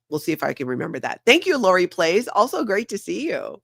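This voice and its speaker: A woman's voice: lowish voice, sing-song, a little fast, creaky, hardly any pauses, no room sound, studio quality. A woman hosting a casual livestream, chatting and reading out viewer comments. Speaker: host.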